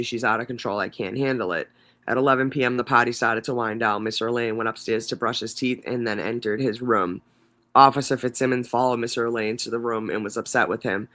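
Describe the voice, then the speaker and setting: Guy on a stream reading court testimony out loud, sarcastic, swears a lot in the asides. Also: medium pitch. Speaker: livestream co-host.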